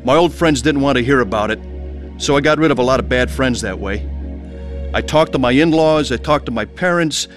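A man's voice: medium pitch, fairly quick, soft background music. A man earnestly narrating and acting out his own conversion story, pleading with his family. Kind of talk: dramatized testimony narration.

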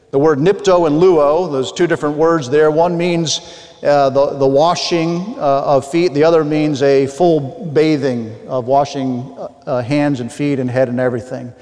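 A man's voice: on the high side, darkish tone. A man preaching a sermon earnestly, reading old scripture aloud with frequent restarts. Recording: long hall reverb.

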